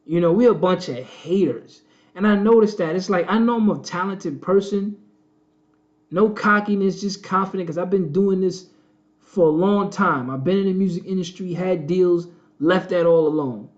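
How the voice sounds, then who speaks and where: Male host, higher-pitched, preachy and repetitive; dull lo-fi audio. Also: moderate pace. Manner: preachy, repetitive, addresses viewers as family. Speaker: channel host. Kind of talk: casual live-stream commentary.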